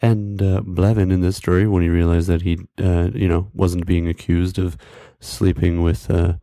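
A man's voice: deep voice, level tone, moderate pace, mellow, no room sound, studio quality. A man telling a funny personal story to podcast listeners in a casual, rambling way, full of fillers, chuckling at his own tale.

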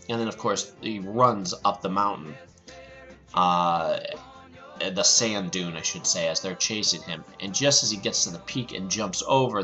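Middle-aged male podcast host, casual and eager recap delivery, lowish pitch, dull lo-fi recording. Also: sharp tone. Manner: enthusiastic, repeats phrases like "love it".

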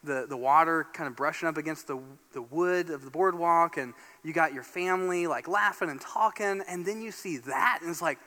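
A man from Northeast Indiana preaching a sermon as pastor, telling a story in an animated, excitable way. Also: a little high, moderate pace, few pauses. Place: church sanctuary. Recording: long church hall reverb.

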